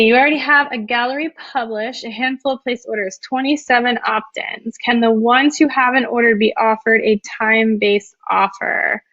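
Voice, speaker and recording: A woman's voice: on the high side, a bit bright, no room sound, lo-fi sound. A young woman hosting a casual live webinar, chatty and full of ums and likes as she reads out viewer questions and answers them. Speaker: webinar host.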